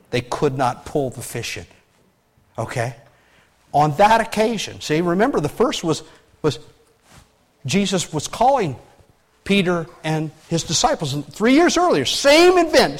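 A man preaching a sermon as pastor, animated and emphatic, with frequent restarts and loud peaks. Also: on the high side.

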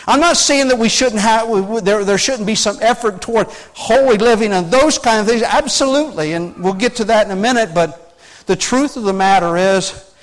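A man's voice: high voice, moderate pace, low-quality recording. A man preaching an earnest, conversational sermon, often restarting his phrases and asking his listeners questions. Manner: earnest, animated, frequent restarts, asks the audience questions. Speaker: pastor.

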